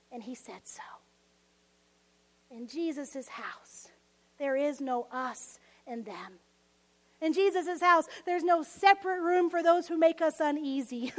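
A woman pastor preaching a sermon with passion, swinging from emphatic lines to soft whispers. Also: sits high, big-room sound, low-quality recording.

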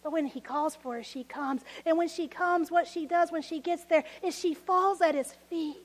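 A woman preaching a sermon, expressive and laughing often, acting out voices of people from the story. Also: very high-pitched, moderate pace.

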